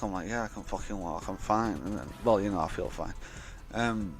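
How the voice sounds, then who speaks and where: A man's voice: lowish voice, expressive, brisk, hardly any pauses, soft background music. A young man telling a personal story in a casual, rambling way, swearing often and acting out what others said. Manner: rambling, swears a lot, acts out quoted dialogue. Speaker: vlogger.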